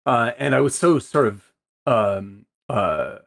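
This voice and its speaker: Animated, laughing, swearing male podcast host. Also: medium pitch, slow, vocal fry, no room sound, clean studio sound. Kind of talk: casual chat about a film.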